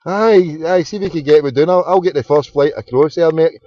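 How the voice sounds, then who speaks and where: A man's voice: on the high side, fairly quick, no echo, lo-fi sound. A Glaswegian man hosting a late-night phone-in show, chatting and joking in a rambling way and stumbling over his words. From Scotland. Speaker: radio phone-in host. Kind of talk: casual chat.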